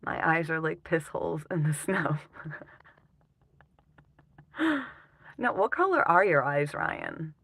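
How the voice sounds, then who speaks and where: A woman's voice: deep voice, very animated, slow pace, gravelly, long pauses, fairly bright tone, breathy edge, no room sound. A woman live streaming, chatting casually with her viewers, laughing often and swearing freely.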